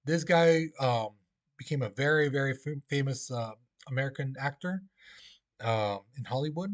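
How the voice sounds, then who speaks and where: A man's voice: mid-range voice, normal speed. Chatty male teacher giving a lecture. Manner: casual, chatty, many fillers and "okay?" checks. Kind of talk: classroom lecture to students.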